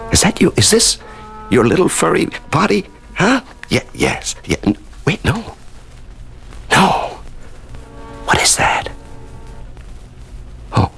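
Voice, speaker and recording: An actor playing a shaken man long held prisoner in a dark cell, who stammers and halts as he speaks, with music playing behind him. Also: on the low side, vocal fry, full character voice. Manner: halting, stammering, emotional. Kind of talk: radio drama acting.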